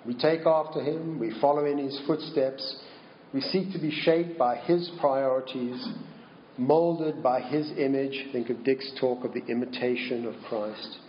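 A man preaching a sermon slowly and deliberately, posing rhetorical questions to his congregation. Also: medium pitch, fairly even intonation, roomy sound, muffled recording, a little hiss or hum. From Minnesota.

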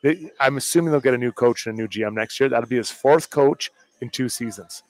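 A man's voice: mid-range voice, a little fast. A man co-hosting a sports talk show, giving plainspoken, opinionated hockey analysis. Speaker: co-host.

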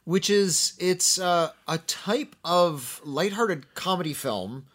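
A man co-hosting a casual film podcast, dry and jokey, halting with fillers and restarts. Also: sits high, expressive, a bit bright. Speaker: podcast co-host, film critic.

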